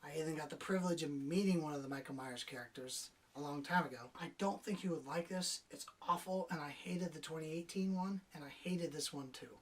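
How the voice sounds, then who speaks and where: This woman's deep, breathy-edged voice races along with hardly any pauses as she gives a profane, sarcastic film review, mocking characters and performing their lines. She's recorded from a distant mic.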